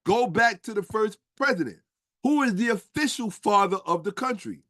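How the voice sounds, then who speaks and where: A man's voice: sits high, lively intonation, normal speed, fairly bright tone, no echo, clean studio sound. A man lecturing in a casual stream, emphatic and profane, firing rhetorical questions at his listeners. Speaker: streamer and history commentator.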